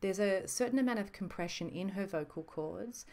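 A woman teaching about voices in a measured, explanatory monologue. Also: mid-range voice, warm tone. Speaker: voice instructor.

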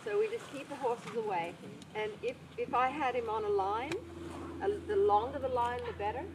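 A woman's voice: on the high side, normal speed. A woman horse trainer explaining horse behaviour outdoors by a paddock, acting out little voices as she talks. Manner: animated, acts out little voices for horses and people. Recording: distant mic with loud outdoor noise.

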